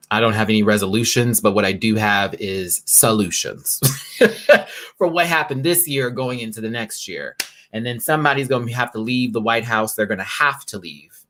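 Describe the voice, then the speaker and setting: A man's voice: fairly low pitch, fairly bright tone. A man hosting his own live stream from his apartment, chatting casually and campily with drag slang. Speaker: live-stream show host.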